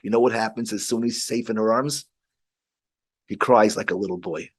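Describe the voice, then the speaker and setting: A rabbi telling a story in casual chat, halting with frequent restarts. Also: male voice, fairly low pitch, breathy edge.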